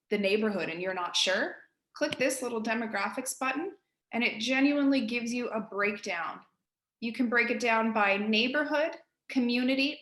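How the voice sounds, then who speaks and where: A woman with an East Coast Canadian accent, a real estate agent giving colleagues a casual, direct software tutorial. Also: a little high, roomy sound. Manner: chatty, direct, addresses listeners as guys.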